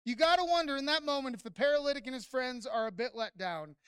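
Pastor, sermon: bright, tense delivery, smooth and crisp, emphatic, calls to the congregation, dry close sound. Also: fast talker, no echo. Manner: emphatic preaching, swelling to near-shouts at high points; addresses congregation directly with frequent "right?".

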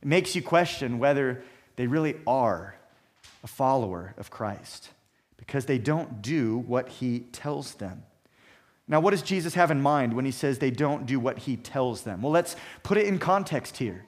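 A man preaching a sermon, emphatic and measured, building points through repeated phrases. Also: mid-range voice, expressive. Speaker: pastor.

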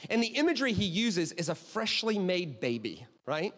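A man preaching in a high, bright voice, with the long reverb of a large hall trailing behind him. He speaks in an animated, chatty way to his congregation and keeps asking "right?" and "okay?". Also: moderate pace. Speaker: pastor. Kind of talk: sermon. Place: church auditorium.

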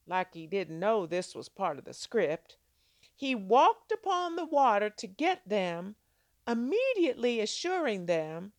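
A woman's voice: very animated, unhurried, no room sound. A woman teaching a devotional Bible lesson, telling the story dramatically and asking her listeners rhetorical questions. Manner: acts out quoted lines with big pitch jumps. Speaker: Christian devotional speaker.

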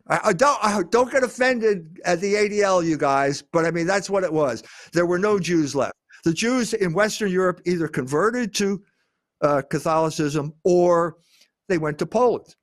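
An older man speaking as a guest, lecturing on history in an emphatic way, with frequent pauses on "uh". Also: fairly high pitch, dry recording, clean studio sound.

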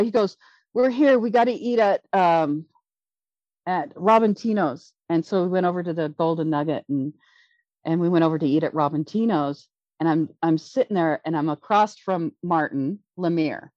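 A middle-aged woman telling a rambling story in casual conversation, excited and full of restarts. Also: fairly low pitch, no room sound. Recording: dull lo-fi dry recording.

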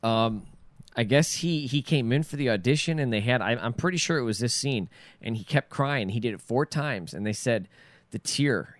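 A man with an average-pitched voice talks about a film in a loose, casual way. He swears and says "dude" often. The recording is dry and close. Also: moderate pace, no room sound. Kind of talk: casual movie recap chat.

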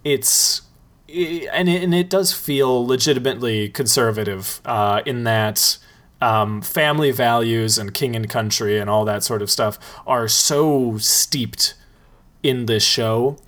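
A man's voice: mid-range voice, a little slow, a bit bright. Thoughtful man musing on a podcast. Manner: thoughtful, rambling with restarts. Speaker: podcast host. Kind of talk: casual chat.

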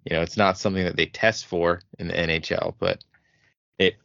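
Man, deep voice, gravelly, laid-back rambling podcast chat, dry dull lo-fi sound. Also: fairly even intonation, a little fast, a bit bright, no echo. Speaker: podcast guest, show creator. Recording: dull lo-fi audio.

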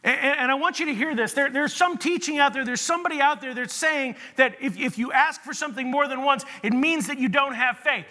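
A man preaching a sermon as pastor, telling stories in an animated way and often restarting his sentences. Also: very high voice, fairly quick, hardly any pauses. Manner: animated storytelling with repeated restarts. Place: church sanctuary. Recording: long reverb of a large hall.

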